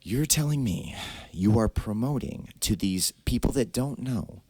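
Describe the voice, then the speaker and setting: A man's voice: mid-range voice, lively intonation, unhurried, warm tone, breathy edge, no room sound. A man, a podcast host and martial arts instructor, talking emphatically and bluntly in casual podcast chat.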